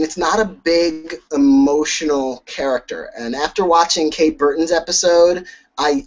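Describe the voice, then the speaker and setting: A man co-hosting a casual conversation, weighing performances analytically, with frequent small restarts. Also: a little high. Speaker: awards editor and co-host. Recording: dull lo-fi sound.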